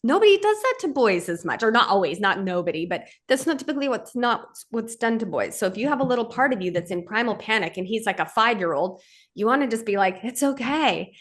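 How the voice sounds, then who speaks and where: A woman's voice: on the high side, expressive, fast talker, fairly bright tone. Earnest woman podcast host, direct. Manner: earnest, direct, checks in with the listener ("right?"). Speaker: podcast host and men's coach. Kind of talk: conversational podcast teaching.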